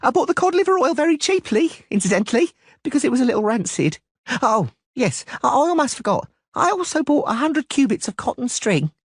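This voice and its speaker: A high, squeaky shapeshifter posing as a halfling trader, stammering and babbling through his lists, as a man puts him on. His voice leaps wildly up and down and sounds husky in a dry, close reading. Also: big pitch swings, fairly quick, no echo, heavily acted. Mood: nervous. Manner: stuttering, rattling off lists in a high voice. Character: shifty male doppler posing as a halfling merchant.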